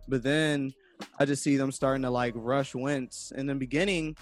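A man's voice: mid-range voice, steady tone, moderate pace, soft background music. A young man in casual sports chat, recounting loosely with many fillers. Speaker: podcast co-host, sports fan.

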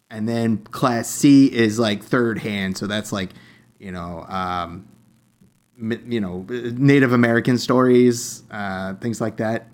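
Young male co-host, rambling storyteller, medium pitch. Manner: rambling storyteller with many fillers and restarts. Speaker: podcast co-host. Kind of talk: casual chat.

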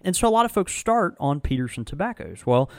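A man talks casually as a host, his pitch swinging widely as he tells stories. He rambles and restarts often. The sound is dry and close, with little room in it. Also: a little fast, no echo. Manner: animated, storytelling with frequent restarts. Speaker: tobacco shop host. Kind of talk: casual conversational review.

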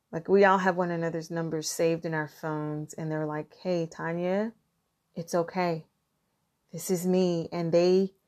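A woman's voice: lowish voice, darkish tone. A middle-aged woman talking through heartfelt self-care advice, earnest and encouraging, often restarting her sentences.

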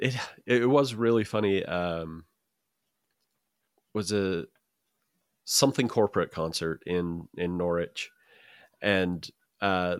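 A man's voice: sits low, no echo. A man who grew up in Utah, co-hosting a casual chat show, rambling with repeats and dry jokes. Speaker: podcast co-host.

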